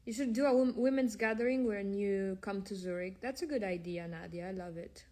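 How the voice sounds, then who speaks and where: A woman's voice: medium pitch, brisk, dark tone. Chatty woman on a phone livestream. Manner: chatty, reads out viewer questions and answers them frankly; drifts between several languages mid-stream. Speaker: livestream host answering viewer comments. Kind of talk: casual livestream chat.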